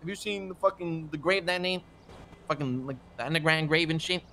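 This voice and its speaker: A streamer playing a swaggering, hot-tempered mobster, telling a rambling, profane story. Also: male voice, fairly high pitch, a little fast, bright, forceful tone, a little hiss or hum. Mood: boastful. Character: swaggering Italian-American mobster man, boastful, hot-tempered. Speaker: streamer role-playing in a crime game. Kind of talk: in-character role-play banter.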